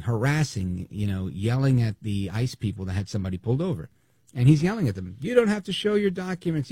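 A talk radio host, male, with a gravelly, husky voice that swings widely in pitch as he riffs sarcastically. His tone is dark, and the sound is dry, close and studio-like. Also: no room sound. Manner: animated, sarcastic, mimics others in quotes. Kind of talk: opinionated talk radio monologue.

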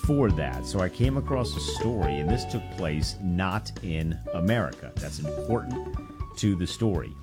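A man's voice: low voice, lively intonation, moderate pace, over loud music. A man co-hosting a casual podcast, telling rambling jokey stories. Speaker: co-host.

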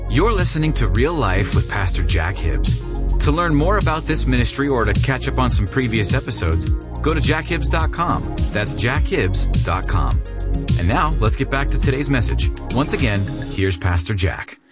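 A male announcer gives a scripted radio program read in a smooth promotional tone. His voice sits at a middle pitch with lively movement. Loud music plays behind him the whole time. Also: normal speed.

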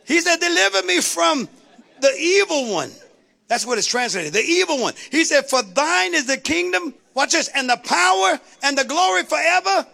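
Woman preacher, very high gravelly voice, call and response, builds up loud. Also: animated, normal speed, few pauses. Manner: rhythmic call-and-response preaching with rising exclamations. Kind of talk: sermon.

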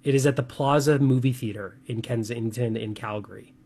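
Chatty young guy on a talk show, lots of ums and likes, mid-pitched. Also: brisk, breathy edge. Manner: chatty, animated, lots of fillers. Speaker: radio show co-host. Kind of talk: casual talk segment.

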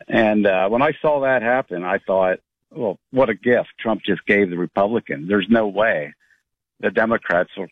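Pennsylvania guy calling a radio show, lowish voice, tinny phone line, chatty and plain. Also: no room sound. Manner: talkative, puzzled, plain-spoken. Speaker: caller.

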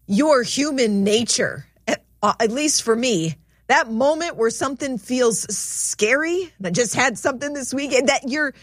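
A chatty woman co-hosting a faith talk show, with a fairly high voice and an easy storytelling manner. The recording is dry and close to the mic. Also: lively intonation, measured pace, no room sound. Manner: chatty, laughs while telling stories. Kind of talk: casual conversational storytelling.

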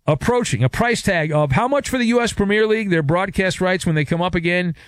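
A man's voice: high voice, lively intonation, fairly quick, no room sound, clean studio sound. A man hosting a sports talk radio show, giving a sarcastic, wisecracking monologue.

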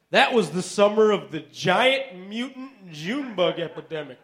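A man in his thirties delivers stand-up one-liners in a deadpan way, padding them with filler "uh"s. His voice sits high and swings widely in pitch. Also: unhurried, few pauses. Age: 30s. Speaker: stand-up comedian.

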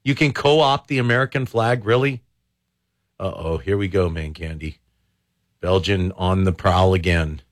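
A man's voice: deep voice, measured pace. Wry male talk radio host. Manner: wry, sarcastic asides. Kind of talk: casual talk radio commentary.

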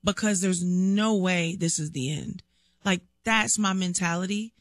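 A woman's voice: fairly low pitch, measured pace, dry recording, studio quality. A woman guest chatting in an interview, telling stories animatedly, acting out quotes and laughing often. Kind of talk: casual interview chat.

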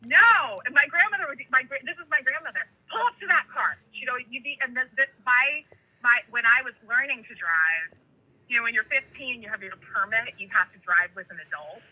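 A woman from California tells animated stories in a very bright, husky voice. She rambles and wanders into tangents, padding her talk with plenty of fillers. Her voice sits a little high. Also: a little fast, low-quality recording. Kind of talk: casual storytelling chat.

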